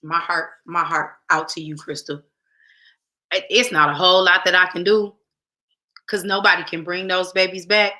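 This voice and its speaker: A woman's voice: on the low side, fairly even intonation, normal speed, pushed and bright. A woman hosting a casual talk show, speaking emphatically straight to her viewers and repeating phrases for weight. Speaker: show host.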